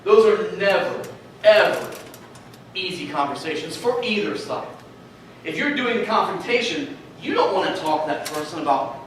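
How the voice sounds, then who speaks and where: A man in his thirties giving a youth retreat sermon, telling personal stories in a conversational, animated way. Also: high-pitched, moderate pace, long pauses, slight background noise. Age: 30s. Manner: storytelling, conversational, animated asides. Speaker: youth speaker. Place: large hall at a retreat. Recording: echoey hall, voice from a distance.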